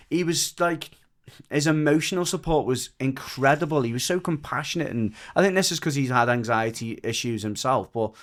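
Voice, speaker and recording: A British man on a podcast, telling a personal story in a rambling, emotional way with lots of quoted dialogue. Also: mid-range voice. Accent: British English. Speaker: podcast guest. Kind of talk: casual storytelling chat.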